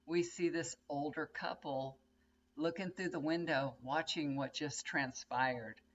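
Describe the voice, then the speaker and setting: A woman's voice: a bass voice, highs cut off. An older woman, chatting casually to camera from her bedroom in a rambling, storytelling way. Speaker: tarot reader and vlogger. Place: bedroom at home, indoors.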